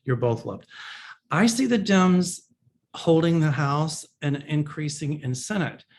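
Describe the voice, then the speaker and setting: A man's voice: on the high side, expressive, unhurried. A man working as a psychic in a casual solo video, reading out viewers' questions and answering them in a chatty, plain-spoken way with loose slangy phrasing. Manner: reads viewers' questions aloud, then answers in a reassuring predictive tone.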